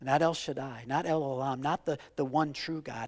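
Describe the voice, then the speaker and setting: A man in his forties preaching a sermon with passion, repeating phrases and swinging from loud declarations to hushed, quiet lines. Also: medium pitch, normal speed, in a large hall. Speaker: pastor.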